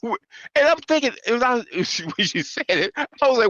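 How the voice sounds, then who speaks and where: A man co-hosting a podcast, retelling stories in casual chat, exasperated and quick to laugh. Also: extremely high pitch, expressive, a bit bright, no echo, highs cut off. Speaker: podcast co-host.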